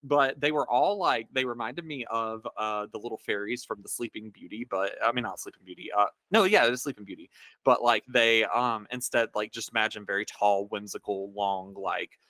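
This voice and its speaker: Bright-voiced man telling a story casually. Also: fairly low pitch, moderate pace, no echo. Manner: rambling, many fillers. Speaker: podcast co-host.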